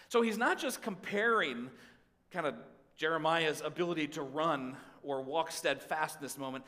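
A man preaching a sermon, voicing prayers aloud and swinging between pleading and hushed tones, often repeating words as he goes. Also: on the high side, moderate pace, in a large hall. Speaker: pastor.

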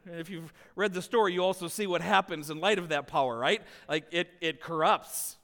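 Man, pastor, sermon, high voice, long hall reverb, animated storytelling. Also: fairly quick. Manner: animated storytelling, rising loud when acting out scenes.

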